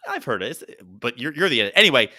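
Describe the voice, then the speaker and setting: A man's voice: medium pitch, fast talker. A man co-hosting a podcast, telling stories in casual chat and acting out what others said. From Baltimore. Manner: animated storyteller, acts out quotes. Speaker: podcast co-host.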